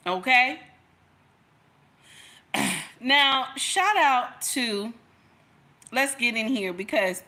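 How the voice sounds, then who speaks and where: Bright-voiced woman streaming casual commentary. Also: medium pitch. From Nigeria. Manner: chatty, preachy, talks straight to viewers. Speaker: commentary channel host.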